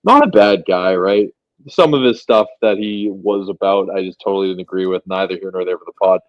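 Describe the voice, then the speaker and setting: A man's voice: low voice, a little fast, dry recording. Man rambling on a dull, dry mic. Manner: rambling, loose anecdote with slang. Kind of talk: casual podcast chat.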